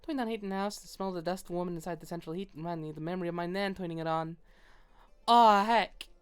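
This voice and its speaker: A woman's voice: fairly low pitch, steady tone, racing, darkish tone, clean tone. A young British woman chatting casually while streaming a game, rambling and laughing often. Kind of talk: casual gaming stream chat.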